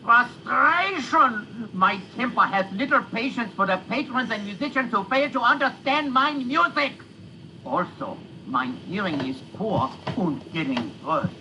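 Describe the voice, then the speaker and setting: An actor playing a temperamental, proud male composer who is going deaf, in a put-on German accent and with theatrical, booming declarations. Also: measured pace, exaggerated voice, low-quality recording. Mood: frustrated. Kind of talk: video game character acting. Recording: game audio with steady background noise.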